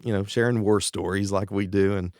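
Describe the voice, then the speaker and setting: A male musician telling touring stories in a casual interview, lively and quick to laugh, often slipping into the voices of the people he quotes. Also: lowish voice, no room sound, clean studio sound. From East Tennessee. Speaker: guest musician.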